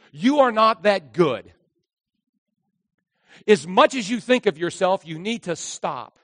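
Pastor, male, high voice, animated sermon delivery, dry close mic with a long hall tail. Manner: animated, acts out voices of characters.

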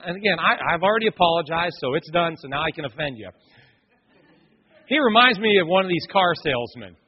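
High-voiced man preaching in a hall. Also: husky. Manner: animated preaching, dramatic quoted voices. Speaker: pastor. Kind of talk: sermon. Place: church sanctuary. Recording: muffled, long hall reverb.

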